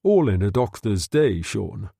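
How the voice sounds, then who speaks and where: A man's voice: lowish voice, very animated, unhurried, vocal fry, dark tone, husky, no echo, studio quality, full character voice. A man reading a novel aloud, voicing a modest, cheerful country doctor.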